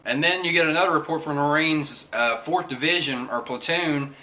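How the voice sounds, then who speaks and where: A man giving a casual spoken manga review, excitable and jumping into high voices for the characters. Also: brisk, few pauses.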